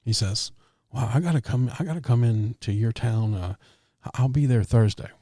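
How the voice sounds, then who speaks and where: A man's voice: medium pitch, normal speed, no room sound, clean studio sound. A man co-hosting a podcast, telling a story in casual chat and acting out the quoted lines of the people in it. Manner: relaxed storyteller who acts out quoted dialogue. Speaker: podcast co-host.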